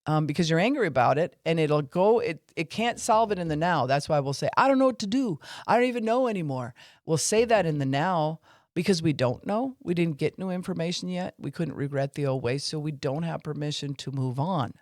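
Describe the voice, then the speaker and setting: A man's voice: fairly high pitch, brisk, no echo, studio quality. A man teaching on faith and emotions in an informal podcast talk, with fillers, acting out what people say.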